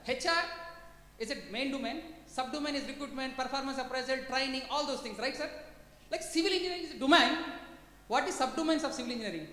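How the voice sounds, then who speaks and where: A woman's voice: high-pitched, quick pace, a bit bright. A woman with an Indian English accent giving a talk to placement officers, often quizzing the audience and calling them sir. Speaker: industry guest speaker. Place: large conference hall. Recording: echoey hall with long reverb.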